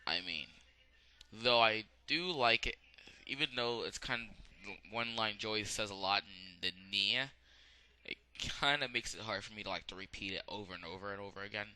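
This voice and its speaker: A man's voice: lowish voice, moderate pace, sharp tone, clean tone. A young man casually reviewing songs, rambling with many ums and restarts. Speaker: song reviewer.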